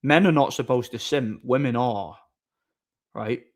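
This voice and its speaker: A man's voice: medium pitch, a little slow. A man chatting casually on a live stream, reading viewer messages aloud, rambling with repeated words and frequent laughter.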